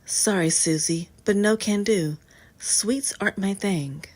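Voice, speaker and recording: A woman's voice: mid-range voice, unhurried, darkish tone, lightly acted. A woman voicing a blunt, matter-of-fact gym teacher in a rhyming storybook. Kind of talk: storybook reading.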